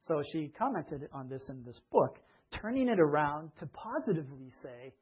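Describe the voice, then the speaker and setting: Guy preaching a sermon, chatty, keeps asking the crowd questions, kinda husky, muffled lo-fi audio. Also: a little high, very animated, moderate pace. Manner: conversational, asks listeners questions. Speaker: pastor.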